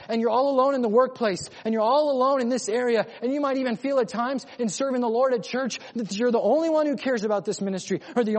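Preacher guy, fairly high voice, gets loud then drops real quiet, big echoey hall. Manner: emphatic, swings between loud urgent lines and quiet low ones. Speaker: pastor. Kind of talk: sermon. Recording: long hall reverb.

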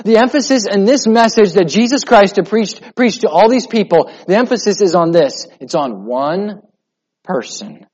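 A man, a pastor, preaching a sermon with emphatic repetition and a steady build toward his point. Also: high-pitched, moderate pace, few pauses. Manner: emphatic preaching with repetition, drops to a soft voice in prayer. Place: church sanctuary. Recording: muffled sound in a reverberant hall.

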